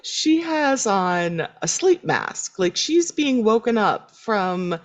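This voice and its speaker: Slow, lively-voiced woman chatting. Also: mid-range voice. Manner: laughs often, animated quoting. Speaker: podcast co-host. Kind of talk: casual recap chat.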